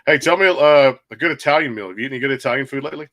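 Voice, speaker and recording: A man in his thirties from Texas, hosting a casual interview, with rambling, easygoing questions and frequent throat clearing. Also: mid-range voice, very fast, fairly bright tone. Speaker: host.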